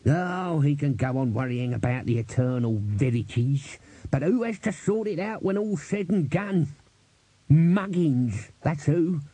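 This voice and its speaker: Male reader playing a crabby old servant, grumbles, higher and slower, husky edge, audiobook. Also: expressive, dark tone, dry recording. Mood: muttering. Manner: grumbling, blustering, working-class speech. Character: grumpy old male manservant, cantankerous. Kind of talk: audiobook character voice.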